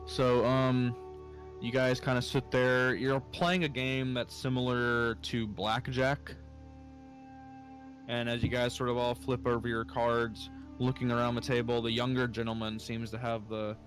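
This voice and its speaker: A man's voice: mid-range voice, fairly bright tone. A man narrating as game master, easygoing and full of fillers.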